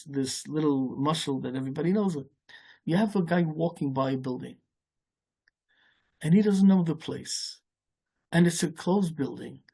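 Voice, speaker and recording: A man, a rabbi, giving a sermon in a rambling, halting way, with many restarts and Hebrew and Yiddish words mixed in. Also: a little high, vocal fry, warm tone, slightly rough.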